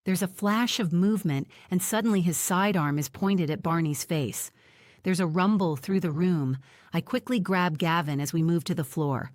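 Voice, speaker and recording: A woman with a fairly low voice reads a first-person audiobook in a plain, even storytelling manner. The recording is dry and close, with no room sound. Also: moderate pace, no echo. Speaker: audiobook narrator.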